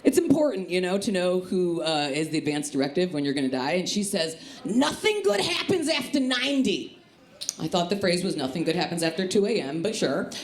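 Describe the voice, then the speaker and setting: Animated woman doing stand-up. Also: on the low side, fast, few pauses. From Chicago area. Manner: lively, animated, punchy delivery. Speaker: stand-up comic. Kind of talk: stand-up comedy set. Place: comedy club stage. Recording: live club with echo and crowd laughter. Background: laughing audience.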